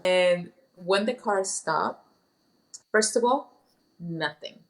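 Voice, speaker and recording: A woman's voice: lowish voice, slow, long pauses. A middle-aged woman, a hypnotherapist, telling a personal story in a casual interview, acting out the voices of people she quotes. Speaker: hypnotherapist guest.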